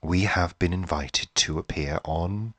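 A man's voice: low voice, a little slow, a bit bright, dry recording. A middle-aged man co-hosting a podcast in casual chat, teasing and mock-grumpy in his banter. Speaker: podcast co-host.

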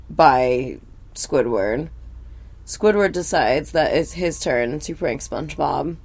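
A podcast host recapping a cartoon in casual chat, blunt and animated with heavy swearing. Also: medium pitch.

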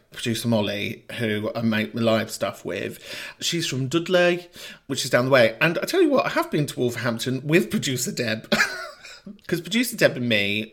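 A man hosting a podcast in a chatty, sweary way, with playful mock outrage. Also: medium pitch. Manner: chatty and animated. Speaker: podcast host. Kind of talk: casual monologue, reading listener messages.

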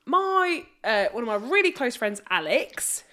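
A woman's voice: fairly high pitch, sing-song, unhurried, sharp tone. A woman in her thirties, co-hosting a podcast in a casual chat and telling stories between easy laughs. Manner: chatty storyteller, laughs easily. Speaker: podcast co-host.

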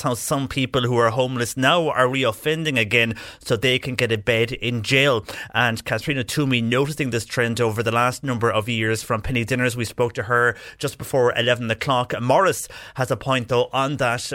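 Bright-voiced Irish radio host. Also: male voice, medium pitch, steady tone, moderate pace, few pauses, no echo, clean studio sound. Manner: reads out listener messages, chatty with fillers. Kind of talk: talk radio presenting.

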